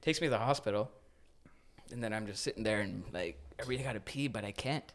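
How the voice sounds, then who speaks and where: A young man telling a story casually on a podcast, animated and laughing as he acts out moments. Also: on the low side, fast talker.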